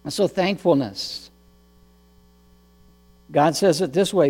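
A man preaching a sermon as pastor, earnest and measured, often repeating words as he goes. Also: high-pitched, animated, in a large hall.

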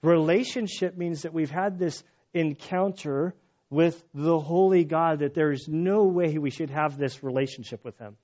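A middle-aged man preaching a sermon as pastor, earnest and halting, often restarting his phrases. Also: on the high side, dark tone. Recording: dull lo-fi sound.

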